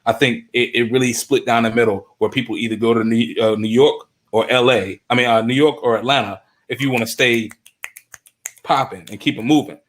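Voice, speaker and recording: A man from the US East Coast, chatting as a roundtable guest, halting and searching for words with many fillers. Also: medium pitch, steady tone, a bit bright. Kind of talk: casual chat.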